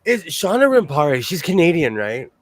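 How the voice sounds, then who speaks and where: Casting: fairly high-voiced man, sewing show host, rambling and animated. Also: moderate pace, no echo. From New York State. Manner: rambling, animated storyteller who laughs often. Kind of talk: casual chat.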